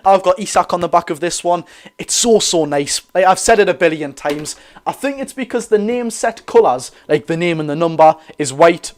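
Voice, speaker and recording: Excitable young Geordie lad, slightly high voice. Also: male voice. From North East England. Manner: excitable, rambling, quick to apologise. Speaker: football fan streamer. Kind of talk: live watch-along chat. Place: room at his dad's house.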